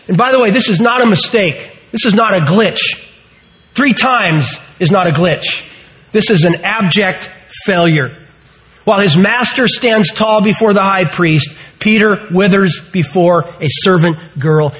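A man's voice: sits high, measured pace, fairly bright tone, low-quality recording. A man in his sixties preaching a sermon, earnest and emphatic, full of rhetorical questions. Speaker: pastor.

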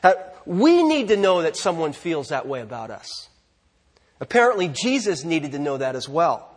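A man preaching a sermon as pastor, earnest, slowing down to stress key phrases. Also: fairly high pitch, sing-song.

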